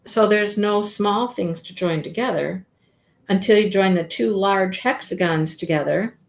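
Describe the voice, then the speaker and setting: A woman's voice: measured pace, gravelly. A woman hosting a crochet livestream, chatting casually and rambling as she works her stitches. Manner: chatty, rambling, talks to her cat in a high baby voice.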